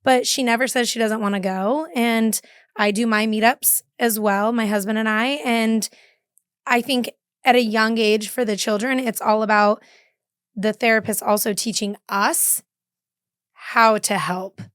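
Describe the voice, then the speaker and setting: A woman's voice: fairly high pitch, steady tone, a little slow, fairly bright tone, clear, resonant tone, no echo, clean studio sound. A woman in her thirties, a podcast guest talking earnestly and agreeably about family life. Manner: earnest, agreeable, frequent "yeah". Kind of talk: casual interview chat.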